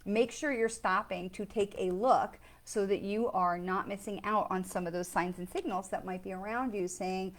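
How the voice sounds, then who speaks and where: A woman's voice: medium pitch, steady tone, moderate pace, hardly any pauses. A middle-aged woman, a psychic medium, talking casually and enthusiastically to her listeners and often checking in with them. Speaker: psychic medium hosting a weekly live. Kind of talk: casual spiritual talk with card readings.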